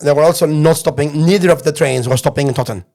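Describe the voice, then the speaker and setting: A man from the Manchester area telling a story in casual chat, animated and acting out the people in it. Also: on the high side, fast. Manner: animated, acts out voices in anecdotes, swears. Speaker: podcast guest, comedian.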